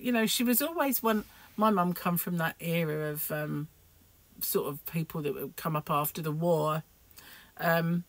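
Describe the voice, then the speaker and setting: A woman's voice: on the low side, dry recording. A middle-aged woman, chatting to camera in a rambling, self-deprecating way. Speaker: crochet vlogger. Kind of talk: casual chat to camera.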